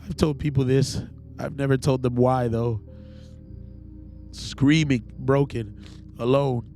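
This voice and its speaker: A man hosting a podcast, telling a personal faith testimony in an earnest, halting, emotional way. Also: medium pitch, fairly even intonation, warm tone, faint music behind. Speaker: podcast host.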